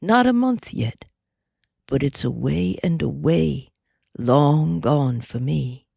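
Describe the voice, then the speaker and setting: A woman voicing a grave, gentle young cowpuncher who talks in plain folksy Western speech, slow and earnest. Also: low-pitched, lively intonation, vocal fry, slightly rough, no echo, clean studio sound, exaggerated voice.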